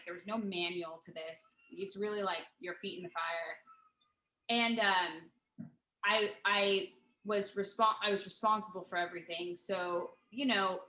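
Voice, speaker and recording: A woman's voice: medium pitch, pushed and bright. A woman telling a long story in casual chat, rambling and profane, with lots of fillers and restarts. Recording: roomy echo.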